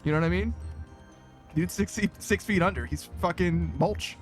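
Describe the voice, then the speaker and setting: A man's voice: high-pitched, normal speed, soft background music. A man streaming a game, chatting casually and reading out chat, laughing often, swearing freely and rambling with lots of fillers.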